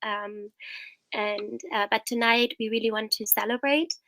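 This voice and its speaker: A woman hosts a live-streamed interview over a video call, her voice a little high and close and dry. She speaks in a friendly, loose manner, with plenty of ums along the way. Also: fairly even intonation, a little slow, a bit bright, dry recording. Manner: friendly, with fillers and little laughs. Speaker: interviewer and host. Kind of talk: live online event hosting.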